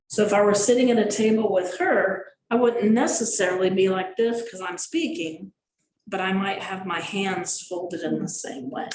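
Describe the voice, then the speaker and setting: A woman leading a group coaching session, animated and acting out gestures and little voices as she explains. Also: mid-range voice. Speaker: sales coach. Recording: echoey room, mic far off, faint noise.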